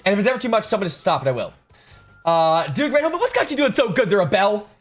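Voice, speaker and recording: High, lively, sarcastic young streamer guy. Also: fast talker. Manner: sarcastic, joking, stammering restarts. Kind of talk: casual live-stream chat reading viewer comments. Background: faint music.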